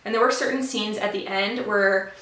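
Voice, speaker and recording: A woman's voice: medium pitch, fairly even intonation, moderate pace, a bit bright. A young woman chatting casually and enthusiastically about books she read, with many ums and gushing praise. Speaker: book vlogger. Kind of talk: casual book wrap-up chat. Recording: echoey room, mic at a distance.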